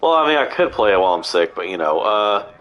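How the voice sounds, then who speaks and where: A man streaming a video game while sick, with a nasal voice, talking casually and rambling, with many halting restarts. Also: fairly low pitch, big pitch swings, fairly bright tone, highs cut off, faint music behind. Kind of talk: casual gameplay stream chat. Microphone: headset mic through console.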